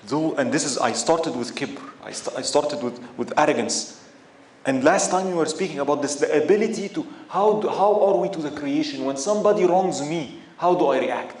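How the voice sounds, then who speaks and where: Storytelling preacher in an echoey room. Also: male voice, fairly high pitch, a little hiss or hum. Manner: storytelling with rhetorical questions. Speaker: sheikh. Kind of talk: sermon. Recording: echoey room with faint ambience.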